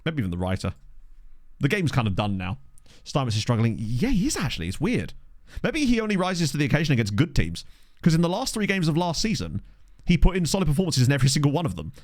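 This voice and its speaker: A man streaming a football management game, chatting casually with his viewers and reacting excitedly to the match. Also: on the high side, fast talker, dry recording, studio quality. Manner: chatty, reads chat aloud, excitable reactions to match play. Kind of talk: casual live-stream chat with commentary. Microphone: desk microphone.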